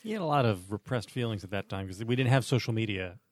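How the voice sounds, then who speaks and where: A man in his forties co-hosting a podcast with wry, deadpan jokes. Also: on the low side, quick pace, dry recording. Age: 40s. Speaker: podcast co-host. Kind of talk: casual chat. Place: podcast booth.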